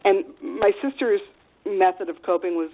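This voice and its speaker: A woman interview guest telling candid personal stories in a frank, animated way, with plenty of fillers. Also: medium pitch, normal speed. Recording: phone-like radio interview line.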